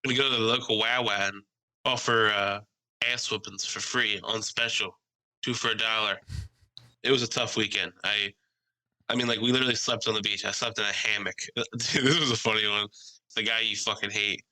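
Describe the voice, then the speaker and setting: A young man co-hosting a casual podcast, telling animated stories, swearing freely and mimicking other people's voices. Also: on the low side, fairly quick, low-quality recording. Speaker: podcast co-host.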